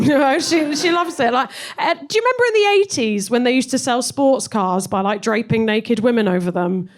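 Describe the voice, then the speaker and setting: Lively young woman doing stand-up. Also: sits high, normal speed. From Cornwall, England. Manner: animated, self-deprecating, chatty asides to the crowd. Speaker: stand-up comedian. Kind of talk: stand-up comedy set.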